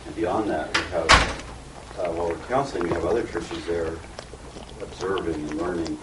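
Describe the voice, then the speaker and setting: Deep-voiced man heard from across a room. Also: steady tone, normal speed. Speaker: panelist. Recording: roomy, distant, heavy noise.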